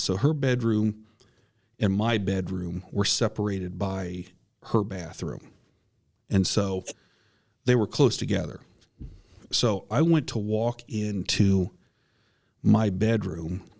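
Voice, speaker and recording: This podcast co-host speaks on the low side with a touch of mellowness. Casual yet earnest, he recounts a ghost story from his own life, frequently starting over and letting out an occasional cough.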